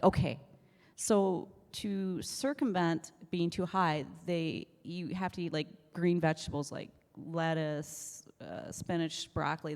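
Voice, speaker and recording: Woman, lower voice, lively storyteller, church testimony, voices other people, long reverb. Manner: animated, acts out dialogue, laughs often. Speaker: church member giving testimony. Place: church sanctuary.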